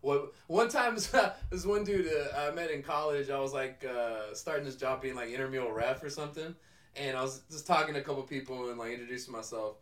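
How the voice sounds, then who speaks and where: A man's voice: mid-range voice, a little fast, fairly bright tone. A young man from Northern California with a NorCal accent hosting a casual podcast, laughing often and swearing freely. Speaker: podcast host. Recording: roomy echo.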